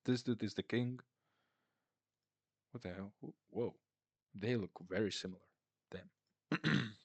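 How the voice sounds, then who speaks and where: A man talks through a film plot at an unhurried, slow pace, his voice sitting a little low. He rambles and mocks the characters with sarcastic asides. The sound is close and dry, with no room around it. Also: breathy edge, dry recording. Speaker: film reviewer. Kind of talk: casual film recap.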